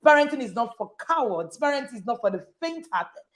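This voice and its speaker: A woman's voice: fairly high pitch, sing-song, a little fast. A woman, hosting a live parenting session, emphatic and repeating slogans with frequent laughs. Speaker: parenting coach and host. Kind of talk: live online session chat.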